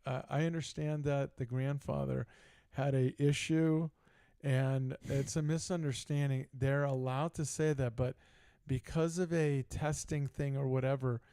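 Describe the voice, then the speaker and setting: A man's voice: medium pitch, warm tone, clear, resonant tone, no room sound. A middle-aged man co-hosting a sports talk show, telling a long story in casual chat and acting out both sides of the conversations. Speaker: podcast co-host.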